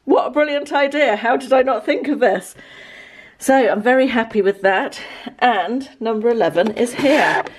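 A woman's voice: on the high side, moderate pace. A woman, chatting casually at home as a lifestyle vlogger, rambling with lots of ums and asides. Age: 50s. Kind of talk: casual chat to camera. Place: home, indoors.

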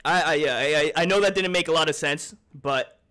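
A male streamer with a slightly high voice talks to his live chat while playing. He rambles and swears freely, addressing viewers directly and apologizing as he goes. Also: a little fast, sharp tone, clear, resonant tone. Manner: heated then apologetic. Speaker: video game streamer.

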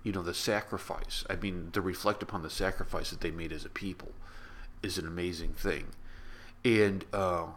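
Deep-voiced man reviewing a film. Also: fairly even intonation, moderate pace, a bit bright, a little hiss or hum. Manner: rambling, heartfelt, many restarts. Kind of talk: casual vlog monologue.

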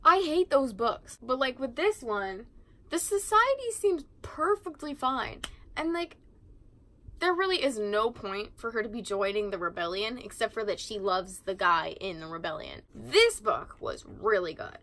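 A woman's voice: fairly high pitch, sing-song, measured pace, a bit bright, low-quality recording. A teenage girl chatting casually while cleaning her room, sarcastic and swearing freely. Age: teens. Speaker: vlogger.

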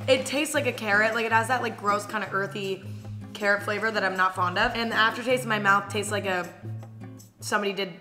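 A woman's voice: medium pitch, fairly even intonation, a little fast, pushed and bright. A young woman in a casual taste-test vlog, blunt and candid, swearing now and then. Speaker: vlogger. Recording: faint music underneath.

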